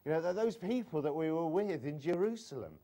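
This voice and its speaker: A man's voice: a little high, lively intonation, a little fast. A man in his forties preaching a sermon in a conversational way, often adding "you know" and stumbling into restarts. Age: 40s. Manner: stammers into restarts, wide swings in loudness.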